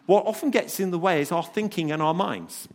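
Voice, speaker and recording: A man preaching a sermon, telling a personal story with lively quoted asides. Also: sits high, a little fast, in a large hall.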